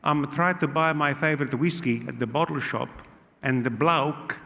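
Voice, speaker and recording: A comedian doing a blustering old uncle. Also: male voice, on the high side, normal speed, gravelly, bright, forceful tone. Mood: indignant. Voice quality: broken English, blustering and indignant. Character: older Italian immigrant uncle, stubborn and indignant. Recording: live hall with long reverb.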